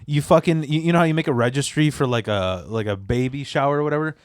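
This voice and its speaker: A man's voice: mid-range voice, fast talker, no room sound, studio quality. A man hosting a comedy podcast, telling rambling, profane stories and laughing hard. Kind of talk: casual chat.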